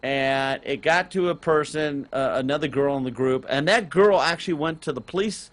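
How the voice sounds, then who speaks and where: A middle-aged man, telling a long personal story on a casual gaming podcast, rambling with restarts and getting loud on key points. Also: fairly high pitch, moderate pace. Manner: animated, rambling with restarts, rises loud on emphasis. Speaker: podcast co-host and parent.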